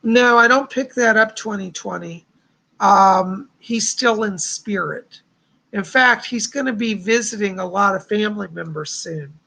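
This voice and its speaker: A man's voice: sits high, measured pace, gravelly, bright, forceful tone. A man hosting a live stream of psychic readings, talking in a chatty, reassuring way with a somewhat strained voice. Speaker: psychic host.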